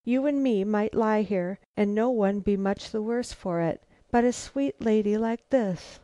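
A fussing, nervous cleaning woman in a storybook reading, voiced by a woman. She speaks in a shaky, stammering way, in a soft, mellow, dry tone. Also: medium pitch, a little slow, no echo, natural voice. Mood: eager. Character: nervous, fussing working-class scrub woman.

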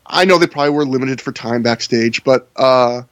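A man's voice: medium pitch, unhurried, a bit bright, dry recording. A man co-hosting a casual podcast chat, wry and sarcastic, laughing often as he talks. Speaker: podcast co-host. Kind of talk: casual chat reviewing wrestling.

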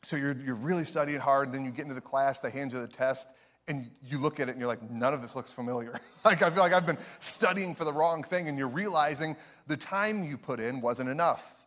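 A young man preaching a sermon, telling a story with animated energy, often laughing. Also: medium pitch, fairly quick. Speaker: pastor.

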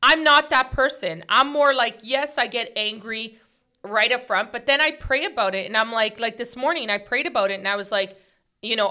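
Bright-voiced chatty woman. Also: on the high side. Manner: earnest, talkative, many "like" and "right?" fillers. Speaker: podcast host. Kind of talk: casual heart-to-heart chat.

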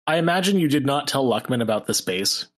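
A man's voice: medium pitch, animated, a little fast. Man thinking aloud at a game table. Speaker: player. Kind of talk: tabletop role-play.

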